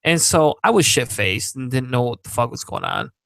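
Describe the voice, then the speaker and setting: A man's voice: medium pitch, expressive, normal speed, vocal fry, fairly bright tone, no room sound. A man hosting a podcast, telling stories in casual, profane chat and laughing often. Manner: profane, rambling, laughing storyteller. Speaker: podcast host.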